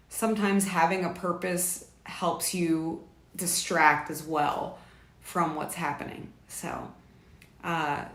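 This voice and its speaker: A young woman hosting a casual live stream from home, chatting and reading viewer comments aloud. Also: on the low side. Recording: echoey room with faint background noise.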